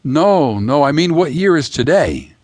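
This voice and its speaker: A man putting on a lifted, gentle voice for a bewildered young woman who has drifted in from the fifties, polite and a little lost. The storybook reading is close and dry, with no room around it. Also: a little high, sing-song, a little slow, no room sound, pitched above the performer's own voice. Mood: confused. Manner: soft, tentative, old-fashioned politeness.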